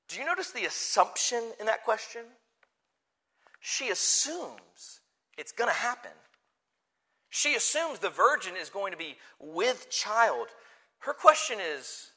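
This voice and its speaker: A man preaching a sermon, moving from quiet conversational asides to loud, forceful declarations. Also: high voice, takes it slowly. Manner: animated, swings from soft asides to forceful declarations. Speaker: pastor.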